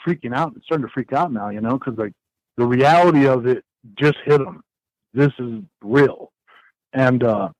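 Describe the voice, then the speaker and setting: A man's voice: mid-range voice, no echo, poor audio. Man telling a rambling story. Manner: rambling, animated storytelling with many fillers and restarts. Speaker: podcast guest. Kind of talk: casual storytelling in a podcast interview.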